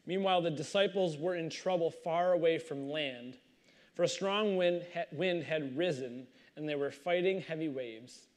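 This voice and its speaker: Man, pastor, sermon, fairly high voice, animated storyteller. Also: normal speed. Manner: animated storytelling, reads scripture then comments conversationally. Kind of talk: sermon with scripture reading.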